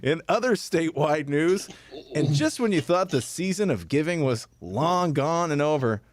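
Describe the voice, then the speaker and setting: A man's voice: a little high, lively intonation, normal speed, slight background noise. A man co-hosting a casual comedy talk show, teasing his partner and leading into segments. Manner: dry teasing, leads segments. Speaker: co-host.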